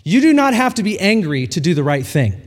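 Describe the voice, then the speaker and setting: Animated preacher man in a reverberant hall. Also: sits high, fairly quick. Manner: animated storytelling preacher, acts out quoted dialogue. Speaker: pastor. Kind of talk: sermon.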